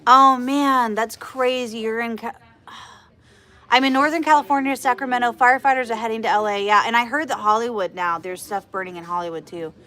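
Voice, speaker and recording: A woman hosting a casual livestream as media director, chatty and animated, often laughing. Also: on the high side, brisk. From Texas.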